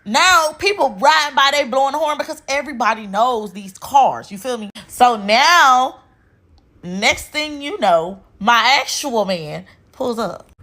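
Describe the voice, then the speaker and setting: A woman's voice: high voice, lively intonation, unhurried, sharp tone. A woman casually telling a relationship story, blunt and profane, with an exasperated edge.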